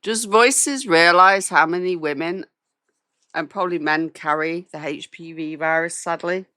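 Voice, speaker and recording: A British woman hosting a live stream, talking in a measured, diplomatic way and answering chat. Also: on the low side, pushed and bright, no echo, studio quality. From Britain. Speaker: host.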